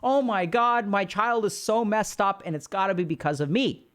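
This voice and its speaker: Brief: a panicking parent blaming themselves with frantic cries, high voice, put on by a male streamer. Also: moderate pace, a bit bright, clean tone. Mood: panicked. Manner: frantic, self-blaming exclamations. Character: panicked parent with BPD, self-blaming woman or man.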